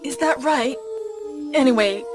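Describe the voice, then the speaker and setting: A stiff, stilted game heroine. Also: female voice, high voice, a little slow. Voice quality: stilted, flat line reading. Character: stiff young female special-forces agent. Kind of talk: 1990s video game voice acting. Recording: echoey game audio with music.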